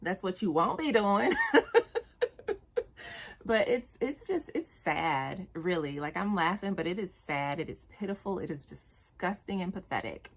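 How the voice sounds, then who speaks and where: Blunt, exasperated woman with a low voice. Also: animated, moderate pace, few pauses, slightly rough. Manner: blunt, exasperated, uses slang and profanity. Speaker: vlogger. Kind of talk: direct-to-camera commentary.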